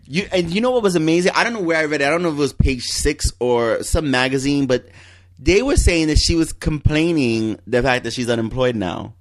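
A woman's voice: low-pitched, animated, fairly quick. A woman co-hosting a casual podcast chat, making wry, laughing asides. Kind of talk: casual chat recapping a soap opera.

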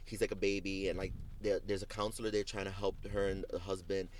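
A man hosting a casual talk show, recapping TV scenes as an animated storyteller who acts out the quotes and leans on "like". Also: sits low, fast. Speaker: show host.

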